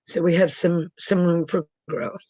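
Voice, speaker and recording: A woman's voice: on the low side, flat delivery, measured pace, a little mellow, husky, no echo. A cheerful, jokey woman, a guest chatting on a video call. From Brooklyn, New York. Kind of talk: casual chat on a video call.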